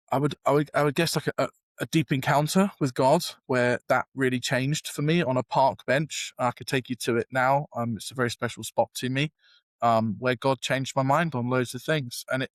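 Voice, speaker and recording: Young British man, podcast guest, animated anecdote, mid pitch, dry close mic. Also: no echo. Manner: animated, self-deprecating storyteller with many fillers. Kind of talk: storytelling in a podcast interview.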